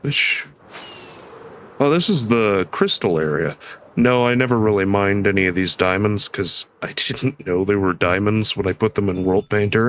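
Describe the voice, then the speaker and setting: This streamer is a tired young man whose nasal voice sits fairly low with a slightly bright edge. At a moderate pace he mumbles and wanders through laid-back gameplay commentary, often making fun of himself.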